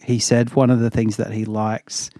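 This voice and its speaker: A man co-hosting a podcast, his voice sitting a bit low with a slight rasp from a long day. He rambles and laughs easily. The sound is dry and close to the mic. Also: little pitch movement, normal speed, mellow, no echo. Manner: chatty, rambling, laughs often. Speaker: podcast co-host. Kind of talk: casual chat.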